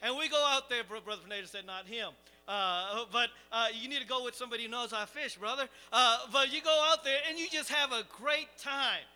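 A man preaching, telling a lively, self-mocking camping story to his congregation. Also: extremely high pitch, a little fast, hardly any pauses, smooth. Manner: animated, self-deprecating storyteller. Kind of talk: storytelling sermon.

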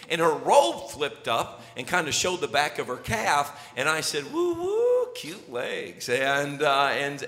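A middle-aged pastor who tells funny family stories and acts out each scene before starting his sermon. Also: medium pitch. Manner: animated, jokey, acts out scenes. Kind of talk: storytelling sermon intro. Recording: echoey hall reverb.

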